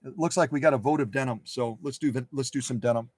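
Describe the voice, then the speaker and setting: A man's voice: mid-range voice, fast talker, darkish tone, dry recording, clean studio sound. Folksy man demonstrating a sewing machine. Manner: chatty, folksy, reads viewer chat. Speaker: sewing machine restorer hosting a livestream. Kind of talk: live how-to demonstration.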